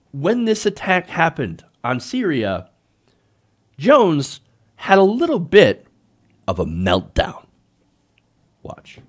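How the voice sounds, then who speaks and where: A male host giving casual, sarcastic live political commentary, full of fillers and chuckles. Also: a little high.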